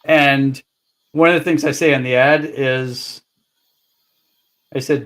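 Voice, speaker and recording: A man's voice: mid-range voice, steady tone, slow, a bit bright. A man chatting casually on a livestream, dropping dry joking asides. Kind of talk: casual chat. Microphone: livestream video call.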